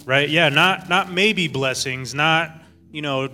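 A man's voice: on the high side, takes it slowly, bright, forceful tone, faint music behind. A man pastor giving an informal sermon, reflective, repeating phrases and checking in with the room. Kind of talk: informal sermon at a church dinner gathering.

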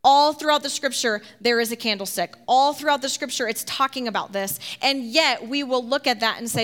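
A woman teaching a congregation in a lively, conversational sermon style, with laughing asides. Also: on the high side, fairly quick, few pauses.

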